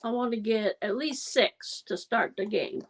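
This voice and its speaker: A woman's voice: a little high, a little slow, creaky, low-quality recording. A woman hosting a casual livestream, telling rambling stories and laughing often as she chats with viewers. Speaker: livestream host. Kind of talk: casual chat.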